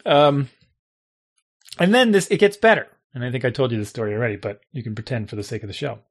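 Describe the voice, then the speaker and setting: Animated man telling a story. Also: fast talker. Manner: animated, acts out quotes with jumps in pitch. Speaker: podcast co-host. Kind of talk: casual podcast storytelling.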